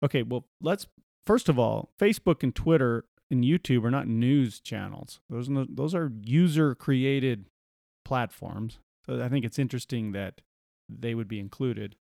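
A man talking casually on a podcast at an ordinary pitch. He reads passages aloud and adds sarcastic remarks. The sound is dry and close to the mic. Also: moderate pace, gravelly, dark tone, dry recording. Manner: reads quotes aloud, sarcastic, laughs often. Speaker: podcast co-host. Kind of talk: casual conversational commentary.

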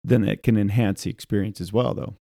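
A man co-hosting a podcast in casual chat, animated and quick to laugh, slipping into voices while telling stories. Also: lowish voice, gravelly, dry recording, clean studio sound. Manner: animated, laughs often, imitates voices mid-story. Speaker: podcast co-host.

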